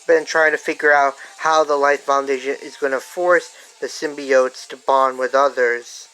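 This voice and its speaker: A fan storyteller improvising a story out loud, halting with many fillers and restarts. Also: medium pitch, fairly even intonation, clear, resonant tone, rough recording. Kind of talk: improvised fan-fiction narration.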